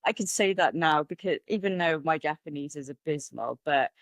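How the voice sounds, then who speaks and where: A woman speaks as a guest on a podcast. Her voice sits a little low and is caught close and dry, with no room around it. She talks candidly and chattily, laughing easily. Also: normal speed, dry recording. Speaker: podcast guest, martial artist. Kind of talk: conversational interview.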